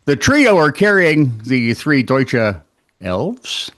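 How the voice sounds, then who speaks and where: A man's voice: fairly high pitch, slow, dry recording, studio quality. A man co-hosting a podcast, chatting casually and joking, with bursts of silly put-on voices. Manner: jokey, animated, puts on silly voices. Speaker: podcast co-host. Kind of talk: casual comedic banter.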